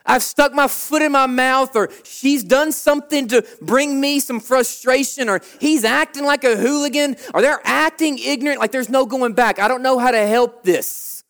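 A man preaching a sermon as a pastor, animated, acting out the people's complaints in short bursts. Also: extremely high pitch, normal speed, vocal fry, few pauses.

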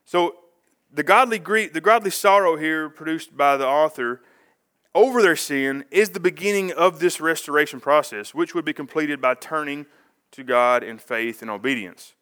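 A man preaching in a loose, conversational way. His voice is bright and a touch high for a man, and he drifts into asides and corrects himself as he goes. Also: normal speed, clear, resonant tone. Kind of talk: casual sermon.

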